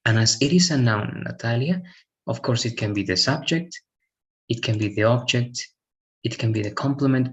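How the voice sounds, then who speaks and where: With a gravelly, mid-pitched voice on a low-quality recording, a man tutors a single student online in English grammar. He is patient, goes over points more than once, and keeps confirming comprehension with "all right?".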